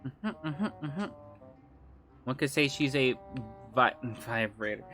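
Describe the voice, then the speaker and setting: Her voice rumbles low yet sounds a bit bright, with lively intonation and a slow pace, soft music playing behind her. Streaming a game, she chats loosely with her audience, reads chat, laughs frequently and swears freely.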